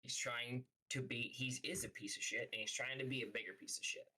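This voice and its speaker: A man's voice: mid-range voice, steady tone, brisk, bright, forceful tone, husky, rough recording. Profane young man telling a rambling story. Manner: profane, rambling, heavy use of "like". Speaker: streamer. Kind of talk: casual storytelling.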